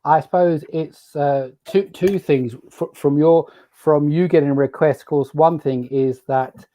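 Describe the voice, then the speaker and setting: A man's voice: fairly high pitch, steady tone, a little slow, warm tone. A man with a British accent, a guest on a podcast, explaining things in an orderly way with wry, dry humor. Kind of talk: casual interview chat.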